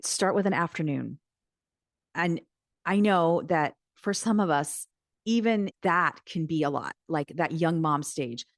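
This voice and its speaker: Middle-aged woman host, earnest and encouraging, lowish voice, close dry sound. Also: animated, measured pace, dry recording. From United States. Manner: earnest, encouraging, talks straight to the listener. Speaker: podcast host and Christian mindset coach. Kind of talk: solo podcast teaching.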